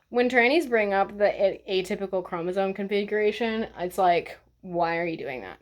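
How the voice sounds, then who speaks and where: A woman's voice: mid-range voice, moderate pace, few pauses. A woman vlogger talking in a blunt, sarcastic, profane way as she rants to the camera. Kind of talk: casual ranting vlog.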